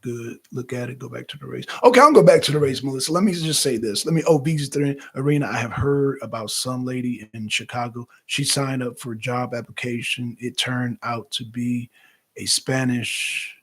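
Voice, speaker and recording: A man hosting a talk show, giving casual, animated political commentary that rambles and repeats itself. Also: mid-range voice, normal speed, breathy edge.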